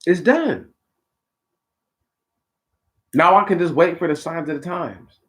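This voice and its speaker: Brief: male talk host, higher-pitched voice, preachy casual monologue, slangy asides to listeners. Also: a little fast, a bit bright. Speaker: podcast host.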